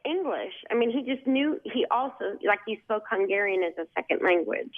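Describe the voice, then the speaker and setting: A woman's voice: medium pitch, lively intonation, brisk. A woman calling in to a radio talk show, earnestly telling her story. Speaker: caller. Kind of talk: phone call to radio show. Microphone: telephone. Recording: tinny phone line.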